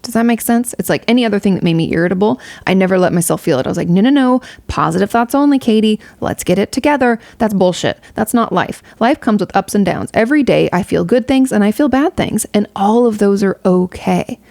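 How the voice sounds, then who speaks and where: A woman's voice: mid-range voice, animated, fast talker, vocal fry, hardly any pauses, dark tone, no echo, studio quality. A young woman streamer giving casual, candid advice to a viewer, rambling with fillers and swearing freely. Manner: rambling with many fillers and restarts. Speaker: streamer answering a viewer question.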